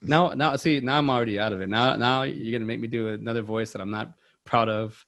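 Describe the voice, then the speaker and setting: A man's voice: mid-range voice, fairly even intonation, fast talker, fairly bright tone. A man hosting a movie podcast in casual, rambling chat, self-deprecating with many restarts. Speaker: podcast host.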